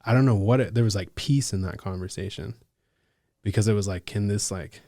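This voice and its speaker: Low-voiced man telling his story, dry close mic. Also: mellow, no room sound. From Alaska. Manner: loose, slangy talk full of "like" and "bro", quick to laugh. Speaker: case manager, podcast guest. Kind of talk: casual storytelling chat.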